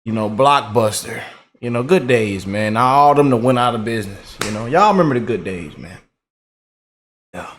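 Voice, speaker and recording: A man's voice: mid-range voice, lively intonation, moderate pace, a bit bright, slight background noise. A man giving casual, rambling commentary to his viewers, drawling and calling them y'all. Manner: laid-back, drawling, repeats "man" and "y'all". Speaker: political commentary vlogger.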